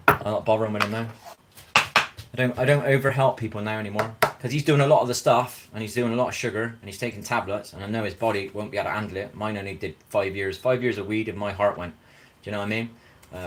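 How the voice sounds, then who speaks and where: A man rambles quickly through a casual live-stream chat, his words tumbling out at a rushed clip. He keeps circling back to "do you know what I mean" as he talks. A faint hum of outdoor ambience sits behind him. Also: fairly low pitch, fairly even intonation, a bit bright. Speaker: vlogger. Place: outdoors in a park.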